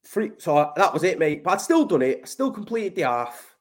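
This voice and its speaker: Male podcast guest, fairly high pitch, blunt and sweary, casual storytelling. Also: very animated, brisk. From Manchester, England. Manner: blunt and sweary, keeps calling the host mate.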